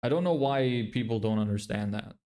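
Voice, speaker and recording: A man's voice: fairly low pitch, a little fast, mellow. A man livestreaming his screen, muttering blunt critiques of websites in a casual, neutral-sounding accent. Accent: neutral, often heard as American. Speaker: business vlogger.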